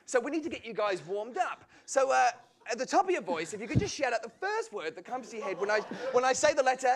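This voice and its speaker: A man's voice: very high voice, fast talker, crowd noise. A man, a comedian guest, telling funny stories on a live talk show and laughing through them. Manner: animated storyteller, laughs through his tales. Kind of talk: anecdotal talk show chat.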